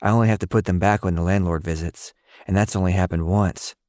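A man voicing a weakened boy who speaks softly and wearily in an audio story. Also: low voice, steady tone, fast, no room sound, studio quality, natural voice. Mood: weary. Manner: soft and weary. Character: tired, weakened boy with powers.

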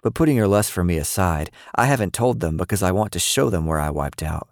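A boastful, joking old grandfather, as a male narrator plays him with a deep, low voice. He jests with mock grandeur. The sound is dry and close, like a storybook reading. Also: expressive, a little fast, no room sound. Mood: stubborn. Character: playful, boastful elderly grandfather.

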